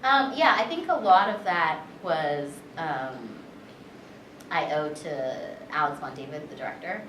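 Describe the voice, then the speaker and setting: A woman's voice: deep voice, measured pace, slight background noise. Chatty woman in an echoey convention room. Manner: chatty, filler-heavy, animated retelling. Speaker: voice actress and director. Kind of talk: convention panel interview, storytelling. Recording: echoey room, distant mic, background chatter.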